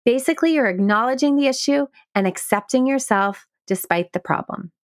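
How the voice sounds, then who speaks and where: A woman podcast host calmly explaining a self-help technique step by step, playing with stress on certain words. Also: a little high, a little fast, no echo, clean studio sound. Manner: calm, guiding, plays with stress on words. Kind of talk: instructional explanation.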